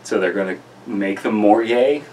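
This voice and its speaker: A man's voice: fairly low pitch, normal speed, a little mellow, recorded from a distance. A young man reading a horror story aloud with a friend, riffing on silly theories and joking between passages. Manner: jokey, riffs on silly theories. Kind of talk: casual story reading with banter.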